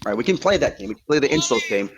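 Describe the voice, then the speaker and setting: Man, debater, online voice chat, very fast talker, combative, swears a lot, mid-pitched. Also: big pitch swings, slightly rough. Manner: combative, profane trash talk; lays out points step by step.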